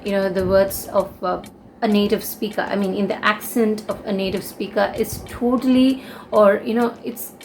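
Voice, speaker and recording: A woman's voice: mid-range voice, a little mellow, a little hiss or hum. A young woman with an Indian English accent, giving a casual English lesson and explaining things with many fillers and restatements. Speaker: English teacher.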